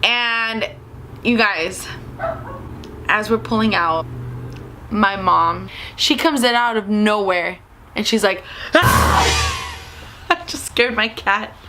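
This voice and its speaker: A woman's voice: medium pitch, slow, long pauses, background noise. A young woman telling a story in a casual, chatty vlog, switching into the voices of the people she quotes. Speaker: vlogger.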